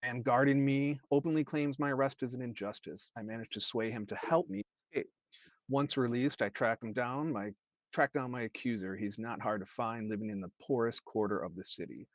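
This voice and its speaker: A man of middle pitch takes his turn as a guest player at a tabletop game. He reads his quest aloud and asks casual questions about the rules. The sound is dry and a little dull. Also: fairly quick, no room sound.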